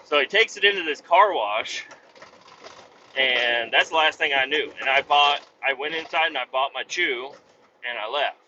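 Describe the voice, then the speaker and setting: Animated, profane man telling a story. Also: medium pitch. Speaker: podcast host. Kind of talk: casual comedic storytelling. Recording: dull lo-fi with faint noise.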